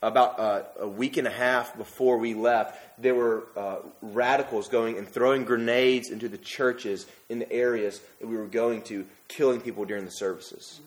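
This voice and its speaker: Young male preacher, conversational sermon delivery, animated with sudden emphatic peaks. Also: medium pitch, moderate pace, few pauses.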